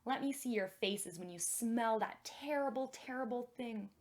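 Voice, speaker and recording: A young woman's slightly high voice moves at a moderate pace as she leads a children's music and magic class. She's gentle and encouraging, hamming it up for the little ones.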